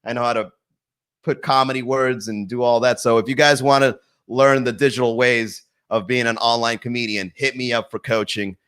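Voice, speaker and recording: Bright-voiced man riffing on a live stream. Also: medium pitch, steady tone, smooth. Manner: laughs at his own jokes, riffs fast and loose. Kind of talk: casual live-stream comedy chat. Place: home garage.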